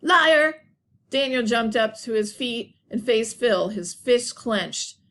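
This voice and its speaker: A woman's voice: on the high side, takes it slowly. Woman reading a children's story aloud.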